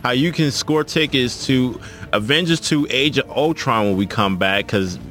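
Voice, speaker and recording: A man's voice: mid-range voice, normal speed, a bit bright, soft background music. Upbeat man hosting a radio show. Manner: hesitant questions with many fillers, upbeat plugs.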